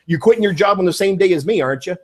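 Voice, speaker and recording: Animated, enthusiastic male trainer. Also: sits high, rapid-fire. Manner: enthusiastic, animated, repeats key points. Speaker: network marketing trainer. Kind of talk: energetic training talk.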